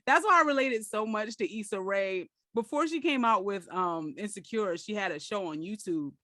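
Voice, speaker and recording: A woman podcast host chatting casually, animated and self-mocking, with frequent laughs. Her voice sits mid-range and sounds dry and close, with no room around it. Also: medium pitch, normal speed, dry recording. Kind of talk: casual storytelling interview.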